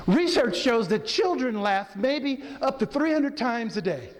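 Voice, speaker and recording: A chaplain leading a laughter yoga workshop, coaching the audience through breathing and demonstrating laughter in a hotel event room. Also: male voice, very high-pitched, very animated, measured pace. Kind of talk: interactive workshop talk. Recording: long hall reverb, faint ambience.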